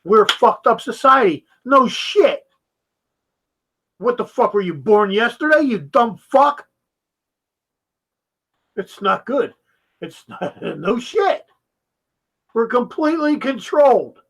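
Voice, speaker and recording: A man's voice: very high voice, very animated, slow, long pauses, a bit bright, husky, poor audio. A man giving a heated, profane reaction commentary, mocking the video he is watching.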